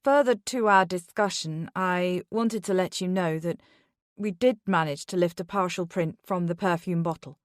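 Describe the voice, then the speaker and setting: A woman's voice: lowish voice, normal speed, dry recording, lightly acted. Officious female detective in a crime audiobook, firm and clipped, close dry read, done by a woman reader. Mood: formal. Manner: formal, clipped.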